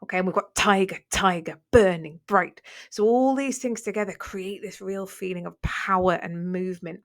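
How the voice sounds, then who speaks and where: A woman's voice: mid-range voice, fairly even intonation, fairly quick. A woman teaching a revision lesson, talking through a poem line by line in a conversational way, with fillers and self-corrections. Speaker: English literature teacher.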